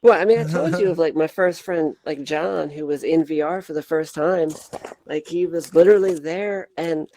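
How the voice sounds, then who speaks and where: A man's voice: a little high, moderate pace, a little mellow, slight background noise. A man hosting a casual talk show, telling rowdy, crude stories and swearing a lot while he laughs. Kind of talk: casual chat, rowdy storytelling. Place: virtual reality social space.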